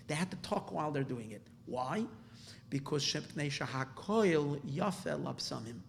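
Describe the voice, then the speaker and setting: A man, a rabbi, teaching a Torah class to a live audience in an animated, excitable way, often repeating words and restarting, with Hebrew terms woven into his talk. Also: fairly high pitch, creaky, a little hiss or hum.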